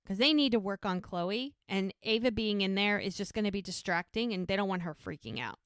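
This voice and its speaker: A woman at an ordinary middle pitch tells a TV episode's events in a casual, lively run. Her voice is dry and close to the mic, with no room echo. She slips into the characters' lines as she narrates. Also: brisk, smooth. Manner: animated storytelling, acting out lines in passing. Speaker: podcast host recapping a TV episode. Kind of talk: casual recap chat.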